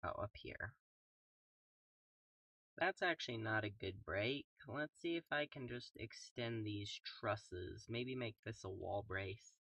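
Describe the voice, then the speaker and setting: A young man casually commentating his own gameplay in a calm, soft-spoken way, throwing in playful made-up sound words. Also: fairly low pitch, slow, no echo, far from the mic. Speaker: gaming YouTuber.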